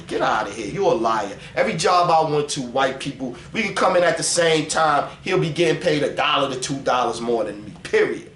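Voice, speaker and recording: A man speaking in a casual religious vlog. His talk is animated and profane, and he reads scripture slowly. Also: a little high. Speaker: vlogger preaching scripture. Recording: roomy echo with faint ambient noise.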